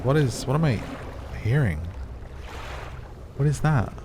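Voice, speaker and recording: A man's voice: mid-range voice, expressive, measured pace, background noise. A man casually commenting on a game as he plays, chatting to his viewers and reacting with sudden startled outbursts. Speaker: gaming channel host. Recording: game sounds loud behind voice.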